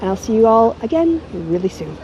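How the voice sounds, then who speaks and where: A woman's voice: fairly high pitch, big pitch swings, fairly quick, lo-fi sound, a crowd in the background. A middle-aged woman talking casually and sardonically to a handheld camera she holds at arm's length. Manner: sardonic, mocking. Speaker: YouTuber. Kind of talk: casual talking-head vlog.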